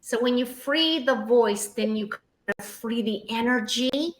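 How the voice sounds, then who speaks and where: A woman guest mentor telling stories in an interview, acting out the quotes with lively pitch shifts. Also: takes it slowly, roomy sound, poor audio. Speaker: guest, emotional healing mentor. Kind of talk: storytelling in a podcast interview.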